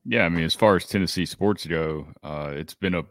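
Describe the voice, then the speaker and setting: Male sports podcast co-host: easygoing, low-pitched, dry close-mic sound. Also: fairly quick, dry recording. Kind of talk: casual sports podcast chat.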